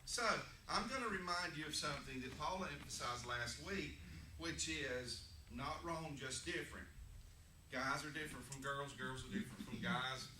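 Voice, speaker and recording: A man's voice: medium pitch, normal speed. A middle-aged man, teaching a couples Sunday school class in a folksy, joking way. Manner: folksy, joking, drawling asides. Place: church classroom. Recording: echoey room, distant mic, noisy.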